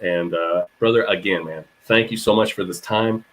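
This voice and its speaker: Earnest low-voiced male host. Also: moderate pace, fairly bright tone, slight background noise. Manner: earnest, encouraging, says amen. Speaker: podcast host. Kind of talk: casual interview. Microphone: video call.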